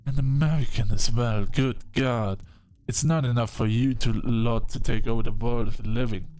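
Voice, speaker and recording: A man's voice: mid-range voice, fairly even intonation, moderate pace, mellow, clear, resonant tone, natural voice. An actor with an English accent playing an irritable, snobbish centuries-old male vampire doctor in a game. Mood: scornful. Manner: haughty, scoffing.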